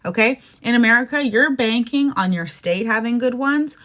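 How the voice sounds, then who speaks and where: A woman's voice: fairly high pitch, animated, moderate pace, bright, forceful tone. Woman, 30s, podcast host; ranting, exasperated, chatty asides. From Canada. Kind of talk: casual opinion monologue.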